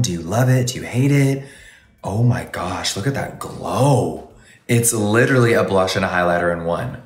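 Low-voiced and recorded with a roomy sound, this makeup livestreamer reviews products casually in a gushing, exclamatory way, addressing viewers as honey and baby with campy affection.

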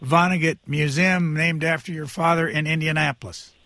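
A man hosting a podcast interview, asking measured, polite questions. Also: fairly high pitch, fairly even intonation, bright, forceful tone.

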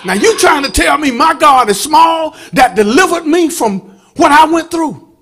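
In a church sanctuary, a pastor with an extremely high, animated voice preaches a fiery sermon at normal speed over soft background music. He shouts and chants his lines, calling out to the congregation in call-and-response.

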